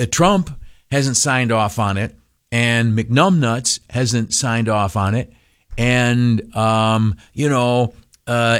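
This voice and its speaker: Rambling male radio host. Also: medium pitch. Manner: rambling, self-deprecating, many fillers. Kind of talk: casual radio commentary.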